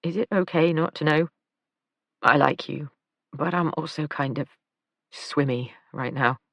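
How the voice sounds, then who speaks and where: A woman reading a tired, injured man who talks softly and apologetically in an audiobook. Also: deep voice, a little slow, gravelly, no room sound, full character voice. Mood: weary.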